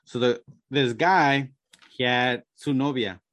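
A podcast host who talks quickly and jokingly and introduces a listener's question. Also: medium pitch, fairly bright tone, dry recording. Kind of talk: casual chat.

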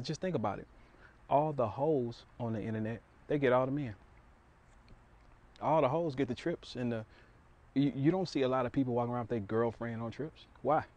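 A man's voice: medium pitch, darkish tone. Blunt man talking straight to viewers. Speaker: commentator addressing viewers. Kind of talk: casual opinion monologue.

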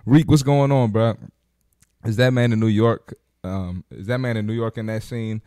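A man's voice: fairly low pitch, fairly even intonation, moderate pace, mellow, clean tone, dry recording. Casting: male podcast host, blunt slangy roast commentary, dry close sound. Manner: blunt, joking, slangy trash talk. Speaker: podcast host reacting to clips. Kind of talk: casual reaction commentary.

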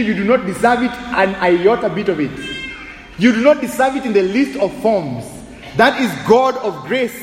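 A man preaching a sermon with animated, humorous delivery, mixing English and Swahili. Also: high-pitched, roomy sound, in a large hall, a little hiss or hum, rough recording. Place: church sanctuary.

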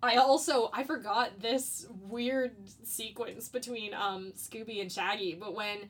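A woman's voice: fairly high pitch, steady tone, measured pace, a little hiss or hum. A woman co-hosting a podcast in casual chat, swearing freely and laughing often. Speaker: podcast co-host.

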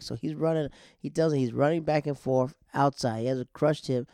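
A man tells a story in a relaxed, animated way, restarting sentences and acting out what people said. His voice is gravelly and dark, and it sounds close and dry with no room echo. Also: mid-range voice, fast talker. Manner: animated, restarts often, acts out quotes. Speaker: storyteller guest. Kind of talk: casual storytelling.

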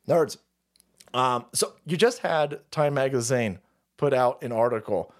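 A man's voice: medium pitch, takes it slowly. A man hosting a live stream, ranting in a sarcastic, foul-mouthed way. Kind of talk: profane political rant stream.

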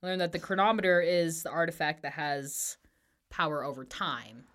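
A woman's voice: deep voice, moderate pace. Chatty, giggly woman podcast co-host. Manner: laughs often, chatty and animated. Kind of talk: casual book discussion chat.

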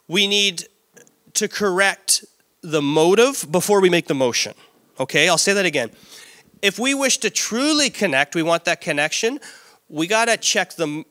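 A middle-aged pastor with a bright, forward voice delivers a lively sermon. He tells stories with playful asides, and his voice sits somewhat high for a man. The sound is close and dry. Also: no echo. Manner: lively storytelling with playful asides and acted-out quotes.

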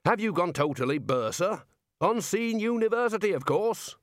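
A man performs a haughty, squabbling old wizard, pitching his high, animated voice above his own natural register at a moderate pace. The character speaks pompously and indignantly, and the recording is dry with clean studio sound.

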